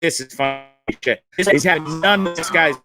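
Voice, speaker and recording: A man's voice: a little high, normal speed, over music. A man hosting a live online show, casually commenting on viral videos in a profane, laughing, rambling way at a computer mic.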